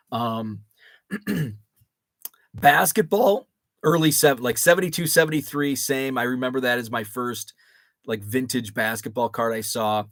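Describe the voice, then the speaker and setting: A man's voice: mid-range voice, a bit bright, no room sound. A man, hosting a casual live chat and reading viewer comments with many fillers and restarts. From Chicago area. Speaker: host.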